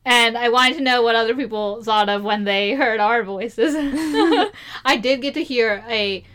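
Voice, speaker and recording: A woman from Maryland co-hosting a podcast in casual chat, playful and quick to laugh. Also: fairly high pitch, fairly bright tone. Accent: Maryland American. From Maryland, USA. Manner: giggly, playful, quick asides. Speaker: podcast co-host.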